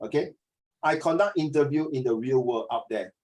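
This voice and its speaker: A man coaching a student one-on-one for an oral exam, blunt and animated, mixing in Mandarin words. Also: mid-range voice, moderate pace. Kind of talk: one-on-one tutoring.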